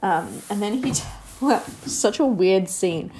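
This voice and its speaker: A woman's voice: medium pitch, lively intonation, slow pace, dark tone, a little hiss or hum. A woman casually recapping a reality show, rambling and sarcastic, with lots of fillers.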